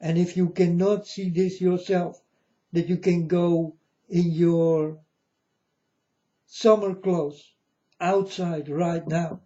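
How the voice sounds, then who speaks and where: A self-styled prophet rambles through a religious monologue to his viewers, calling them folks. His dark voice sits on the high side, and he preaches slowly and repetitively. The recording has a dull lo-fi sound.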